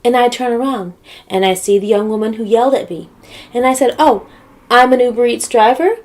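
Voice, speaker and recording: A woman telling a comedic story as an animated, exasperated rant, swearing often. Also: on the high side, fairly quick.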